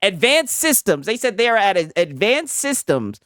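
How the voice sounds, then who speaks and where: A male streamer reacting live, ribbing his co-host with mocking asides. His pitch jumps around a lot, and the sound is dry and close. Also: very animated, normal speed, pushed and bright, no echo. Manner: mocking, repetitive, tags lines with "right?".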